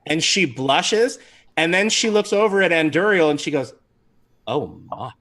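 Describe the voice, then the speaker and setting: A man's voice: high-pitched, expressive, moderate pace, fairly bright tone. A man narrating as game master in a tabletop game, rambling and laughing often.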